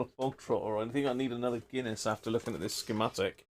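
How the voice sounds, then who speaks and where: A man's voice: mid-range voice, fairly even intonation, fast talker, few pauses, a little mellow, slight background noise. A man hosting a live repair stream, thinking aloud in a rambling, casual way and chatting with viewers. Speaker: radio repair livestream host.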